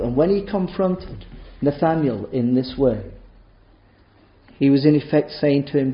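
A man preaching a sermon, emphatic and full of rhetorical questions, with sharp rises and drops in loudness. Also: on the high side, measured pace. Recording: roomy, dull church sound.

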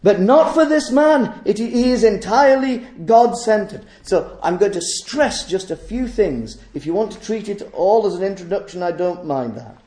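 Male preacher, emphatic sermon delivery, high mellow voice. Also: lively intonation, moderate pace, hardly any pauses, roomy sound. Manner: emphatic, rhetorical questions.

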